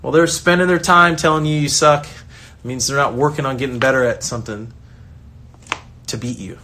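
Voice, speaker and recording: A man's voice: mid-range voice, normal speed, slight background noise. A man, a soccer coach, giving a casual motivational talk with lots of energy, restarting sentences and acting out the voices of others. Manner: energetic, acts out quoted voices, rambling restarts. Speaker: soccer coach and online creator.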